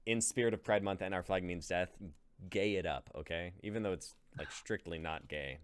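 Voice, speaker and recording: This stream host keeps the chat upbeat and casual as he hands out parts for a script reading and directs everyone. He speaks at a moderate pace in a smooth voice that sits low.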